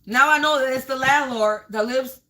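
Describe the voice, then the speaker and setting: A woman hosting her own channel, ranting loudly at viewers and trolls, cursing and calling them sweetie and honey. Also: high voice, moderate pace. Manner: loud, yelling, cursing, confrontational. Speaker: spiritual channel host. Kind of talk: ranting livestream vlog.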